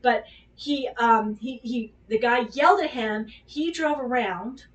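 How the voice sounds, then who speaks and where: A woman, a dog groomer, telling a personal story in a casual, animated, exclamatory way and swearing freely. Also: a little high, measured pace, far from the mic, highs cut off, slight background noise.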